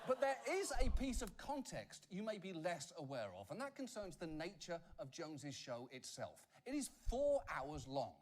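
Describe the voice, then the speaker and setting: A British man hosts a satirical news comedy show, firing off a sarcastic monologue packed with quick jokes in a voice that sits high.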